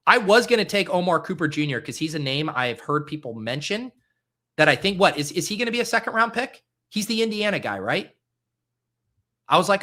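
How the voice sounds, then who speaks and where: A man hosts a live stream in a loose, excitable way, his voice bright and forceful. His pitch swings widely and sits a little high. He chats straight to his viewers. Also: a little fast. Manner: excitable, animated, talks to chat. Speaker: fantasy football streamer. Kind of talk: live-stream casual chat.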